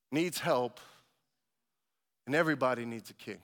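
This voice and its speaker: A man preaching a sermon as pastor, building to loud emphatic calls and asking his congregation for amens. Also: high-pitched, lively intonation, measured pace, big-room sound.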